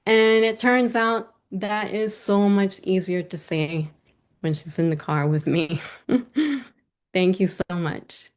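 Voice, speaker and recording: A middle-aged woman telling a personal story to a virtual audience, lively and self-mocking, acting out the voices she quotes. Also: mid-range voice, slow.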